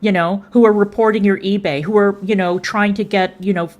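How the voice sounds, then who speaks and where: A woman's voice: medium pitch, fairly even intonation, a little fast, darkish tone. A woman streamer scolding someone in heated livestream commentary, contemptuous and swearing freely.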